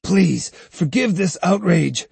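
A man's voice: sits high, expressive, takes it slowly, creaky, a little mellow, breathy edge, no echo, pitched above the performer's own voice, heavily acted. A man voicing an anxious, apologetic adult male manager who is eager to please, in an audiobook reading. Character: flustered, fawning adult male shipping manager.

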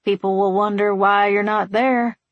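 Woman voicing a patient man, wry, steady, teasing, mid-pitched. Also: normal speed, no room sound, dull audio, lightly acted.

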